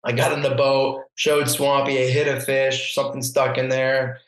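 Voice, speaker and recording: A man tells a story as a podcast guest, chatty and animated, slipping into the voices of the people he quotes. His voice has an average pitch. The room around him gives a clear, roomy echo. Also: normal speed. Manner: animated, acts out quoted voices, laughs often. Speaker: podcast guest, barefoot water skier. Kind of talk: casual storytelling.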